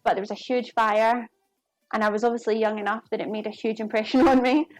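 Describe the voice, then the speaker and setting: Woman, home cook streaming live, chatty and easy, a bit higher pitched, faint music under her. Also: steady tone, brisk, no echo. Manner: chatty, talks to viewers while cooking. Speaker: cooking streamer. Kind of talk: casual live cooking chat. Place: home kitchen.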